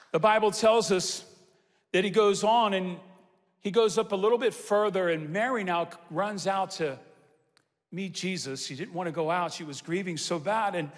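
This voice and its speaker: Male pastor, high tenor, preaching style with repeated emphatic lines, live in a large reverberant church hall. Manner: call-and-response preaching, repetitive emphatic phrasing. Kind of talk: sermon.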